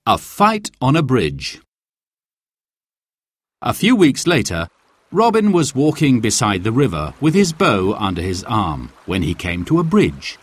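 A man reading a children's storybook aloud with slow, clear, expressive narration. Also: mid-range voice, no echo.

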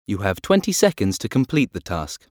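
A man announcing the parts of a recorded listening test in a clear, measured way. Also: on the low side, sing-song, no echo, clean studio sound. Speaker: test announcer and dialogue actor. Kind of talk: scripted exam narration.

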